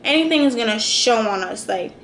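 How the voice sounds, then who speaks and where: Young woman vlogger, high bright voice, animated storyteller, roomy echo with faint hum. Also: a little fast. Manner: animated, slangy retelling with acted quotes. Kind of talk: storytime vlog.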